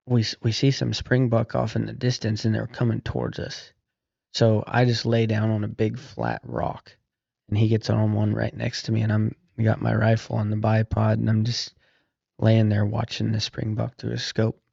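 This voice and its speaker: A middle-aged author, guesting on a podcast, tells long casual anecdotes in a relaxed, rambling way with easygoing restarts. His voice is fairly low and gravelly. The podcast audio is dry, dull and lo-fi.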